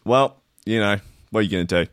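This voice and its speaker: A man's voice: lowish voice, fast, fairly bright tone, dry recording, clean studio sound. A man hosting a show, reading out a news story and mocking it with sarcastic, swearing asides. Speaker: radio show host. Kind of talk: casual comedic news chat.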